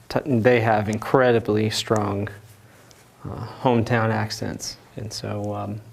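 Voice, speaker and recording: A man hosting a live painting stream, chatting casually and telling loose, rambling stories in a relaxed way. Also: lowish voice, slow pace, creaky, a little hiss or hum. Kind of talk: casual chat while painting. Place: art studio.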